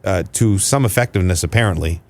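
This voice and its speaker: A man hosting a casual sports podcast, steering the chat with lively, jokey remarks. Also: deep voice, fast talker. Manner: lively, steering the talk with jokey wrap-ups. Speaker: podcast host.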